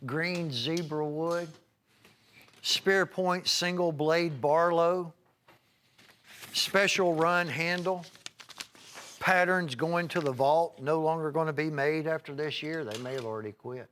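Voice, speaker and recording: A man's voice: a little high, takes it slowly, fairly bright tone, slight background noise. A man hosting a live home shopping broadcast, chatting in a folksy, rambling way while reeling off prices and item numbers. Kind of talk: live televised sales pitch.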